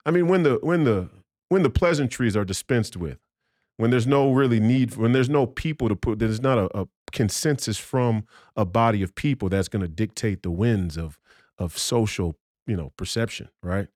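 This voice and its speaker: A man's voice: on the low side, normal speed, darkish tone, no echo, studio quality. A man talking as a podcast guest in a heated, profane rant, emphatic and combative, often restarting his sentences.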